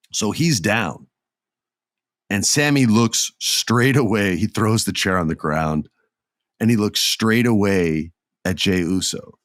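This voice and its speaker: A man in his thirties hosting a solo podcast, telling a story excitedly and acting out quotes. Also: on the low side, no room sound, clean studio sound. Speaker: podcast host.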